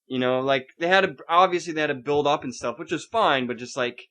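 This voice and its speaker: A man's voice: on the high side, brisk, sharp tone. A young man co-hosting a podcast in casual chat, ranting and swearing with sarcasm. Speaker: podcast co-host.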